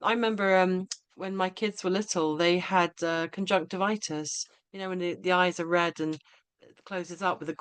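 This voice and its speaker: A woman's voice: on the low side, no room sound. Chatty middle-aged woman. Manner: chatty, rambling anecdotes. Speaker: podcast host. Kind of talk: casual chat.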